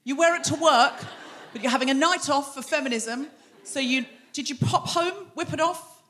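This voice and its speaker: A woman's voice: high-pitched, a bit bright. A woman hosting a live comedy show on a theatre stage, bantering with the audience in a teasing, chatty way. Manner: teasing, chatty crowd work with quick asides. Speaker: host.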